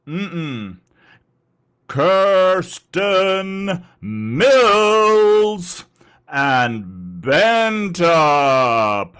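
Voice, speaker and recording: A man's voice: mid-range voice, takes it slowly. A man hosting a live stream, greeting viewers in a casual, stammering way, just woken up. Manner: animated, stammering repeats, greeting chat by name. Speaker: livestream host.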